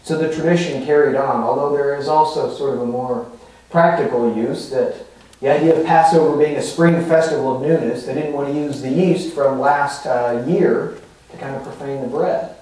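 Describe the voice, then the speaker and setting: A man's voice: mid-range voice, normal speed, darkish tone. Pastor, male, casual sermon delivery, heard from afar in a very echoey sanctuary. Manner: conversational teaching, with fillers and rhetorical asides. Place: church sanctuary. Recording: echoey hall from far off.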